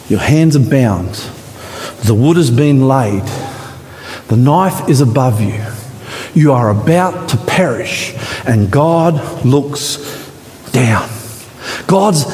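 Male pastor preaching, slightly high voice, slow and dramatic, echoey church hall. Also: a little mellow, a little hiss or hum. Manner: impassioned, dramatic swings in pitch and pace. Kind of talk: sermon. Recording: long reverb in a church hall, faint ambience.

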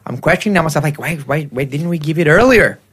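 A man hosting a breakfast radio show, talking with eager enthusiasm and halting fillers. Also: on the high side, animated, a bit bright, slightly rough. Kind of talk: casual radio chat.

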